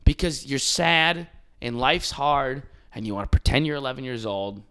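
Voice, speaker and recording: Male podcast co-host, bright lively voice, riffing, profane, does quick impressions. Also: medium pitch, clean tone. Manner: animated, swearing, laughing, mimicking voices. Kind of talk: casual comedic podcast chat.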